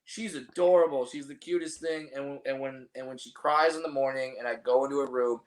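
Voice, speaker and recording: A man with a mid-range, steady voice talks briskly as he hosts a podcast. The chat is casual and rambling; he's self-deprecating, keeps restarting his sentences, and swears.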